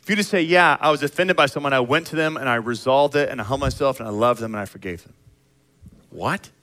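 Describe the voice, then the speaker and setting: A middle-aged man from the United States preaching a sermon in an animated, conversational way, acting out little scenes. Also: medium pitch, racing. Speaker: pastor.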